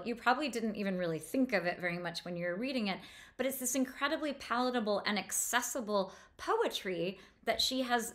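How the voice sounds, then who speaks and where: A woman giving an enthusiastic literature lecture, breaking down a passage sound by sound and slowing down to read lines aloud. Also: mid-range voice, a bit bright. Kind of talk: close-reading lecture.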